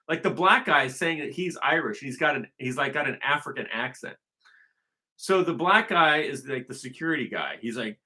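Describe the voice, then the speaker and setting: A man's voice: on the high side, animated, a little fast, bright, forceful tone. A man talking in a casual unscripted monologue, rambling and emphatic, often circling back to restate his point. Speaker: vlogger.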